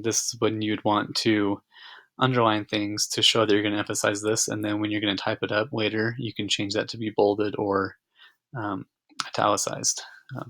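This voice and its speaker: A man narrates a slideshow lesson in a low voice, stopping often for fillers and restarting sentences. His delivery stays level and even. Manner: relaxed explanatory, many fillers. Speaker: teacher.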